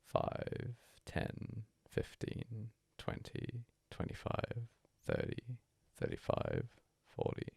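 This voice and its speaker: Low husky guy reading a bedtime story, lots of fry, voice swings way up and down. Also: huge pitch swings, takes it slowly, hardly any pauses, dry recording, studio quality. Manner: hushed, breathy first-person monologue. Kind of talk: soft-spoken story reading.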